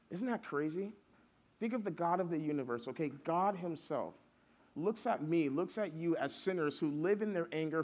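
A young man preaching a casual youth sermon, telling stories and building lists with rising force. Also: fairly high pitch.

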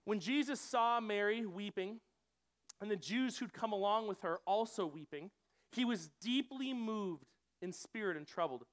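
Man, casual preacher, animated, chatty, talking to a room. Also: sits high, moderate pace. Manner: conversational, animated, acts out quoted voices. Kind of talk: sermon. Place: church room with audience.

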